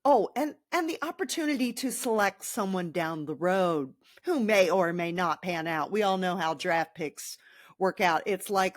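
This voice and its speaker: A woman's voice: medium pitch, dry recording. A young woman hosting a casual sports podcast, venting sarcastically about her team with crude jokes. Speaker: podcast host.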